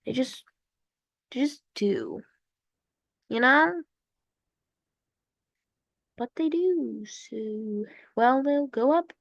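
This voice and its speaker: A woman's voice: sits high, very slow, creaky, long pauses, no room sound. A woman giving casual, rambling commentary on a strategy game, with playful asides and sound effects, on a dull lo-fi recording.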